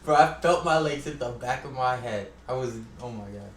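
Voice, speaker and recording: A man's voice: mid-range voice, moderate pace. A young man casually swapping old stories on a podcast, laughing often, slangy and profane. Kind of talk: casual storytelling chat. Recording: echoey room with faint noise.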